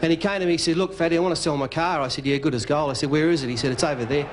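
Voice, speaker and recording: A man's voice: a little high, steady tone, background noise. Australian man telling a comic yarn. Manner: yarn-spinning, quick punchlines, does the other man's lines. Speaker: after-dinner speaker. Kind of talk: comic storytelling. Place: club function room.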